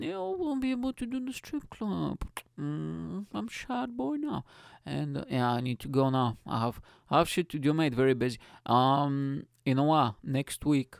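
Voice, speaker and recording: A man hosts his own podcast, rambling from topic to topic with plenty of swearing and jokes. His voice is smooth and crisp with a gravelly fry. The sound is dry and close. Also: medium pitch, dry recording. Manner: rambling, profane, jokey. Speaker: podcast host. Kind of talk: casual solo rant. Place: lives in Britain.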